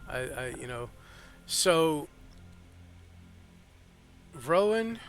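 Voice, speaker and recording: A man narrates a tabletop game as its game master. His voice is bright and forceful, and it wanders through fillers and restarts. Faint music sits behind him. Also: on the high side, big pitch swings, extremely slow. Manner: rambling, with many fillers and restarts.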